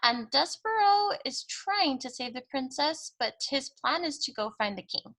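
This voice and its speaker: A woman teacher reading a children's book aloud in an expressive, deliberate way and then explaining the chapter. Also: high-pitched.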